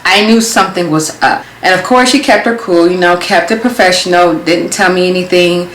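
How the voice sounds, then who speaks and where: A young adult woman telling a story in a casual vlog, animated and acting out her own thoughts as she goes. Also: fairly low pitch, moderate pace, slight background noise. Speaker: vlogger. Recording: roomy echo.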